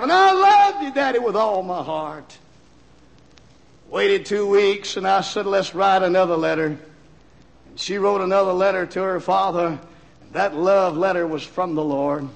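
A man preaching a revival sermon, telling stories and rising to shouts at the high points, from an old vinyl record. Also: vocal fry. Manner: storytelling, rising to shouts at climaxes. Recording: old vinyl LP, long church reverb.

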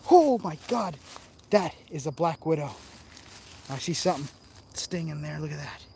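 A man films himself exploring outdoors on a handheld phone, joking and chatting straight to his viewers. His voice is fairly high, and faint crickets chirp in the background. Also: steady tone, moderate pace, gravelly, darkish tone, slight background noise. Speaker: vlogger. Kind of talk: casual vlog commentary while exploring. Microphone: handheld phone camera.

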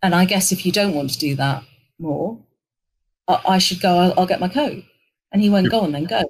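A middle-aged woman, telling an animated work anecdote in an interview and acting out the lines of the people in it. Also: fairly low pitch, moderate pace, low-quality recording. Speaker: interview guest, agency executive. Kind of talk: conversational storytelling.

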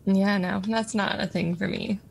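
A woman's voice: medium pitch, steady tone, moderate pace, creaky. A woman co-hosting a podcast in casual chat, giggly and self-deprecating. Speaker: podcast co-host.

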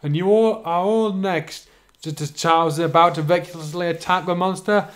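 A man's voice: high voice, fairly even intonation, moderate pace. A man reading a fan story aloud and breaking off for sarcastic comments on the writing. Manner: sarcastic, interrupts the reading with wry remarks. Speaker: reader and commentator. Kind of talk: reading fan fiction aloud with snarky asides.

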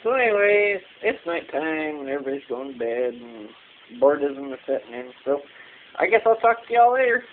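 A man's voice: on the high side, sing-song, brisk, narrow, tinny audio. A young man casually vlogging at home at night, joking and teasing, on a handheld camera mic. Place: indoors at a relative's home at night. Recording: noisy home video recording.

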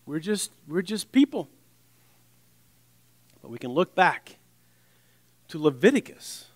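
High-voiced man preaching a sermon. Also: very animated, slow, long pauses, dry recording. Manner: conversational, with restarts and wry asides; drops to a soft, low voice on scripture.

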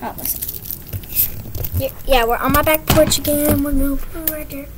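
A young girl in her teens vlogging casually outdoors on her back porch at night, excitable and giggly. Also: normal speed, background noise. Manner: giggly, excitable, high squeaky helium voice. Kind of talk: casual vlog.

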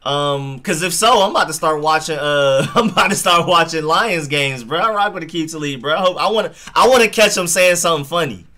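A man's voice: fairly high pitch, brisk, hardly any pauses, sharp tone. A young man hosting a live football stream, chatting casually in slang and reacting to plays and chat messages. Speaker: sports live-stream host.

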